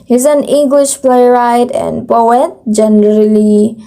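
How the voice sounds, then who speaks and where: A young woman with a Filipino accent gives a class report, switching between English and Tagalog. She talks slowly and hesitantly, restarting words and filling pauses. Her voice is mellow and sits fairly high, with a slightly strained edge. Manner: hesitant, with many fillers and self-corrections.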